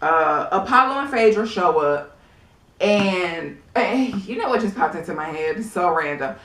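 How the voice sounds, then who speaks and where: A woman giving a casual, sassy TV episode review in a blunt, animated way, often laughing. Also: fairly low pitch, measured pace. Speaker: reality TV recap vlogger. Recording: echoey room.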